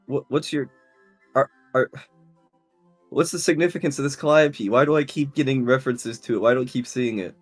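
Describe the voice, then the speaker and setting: Player, man, excitable, mid-pitched, faint music behind. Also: fairly quick. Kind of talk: tabletop game play.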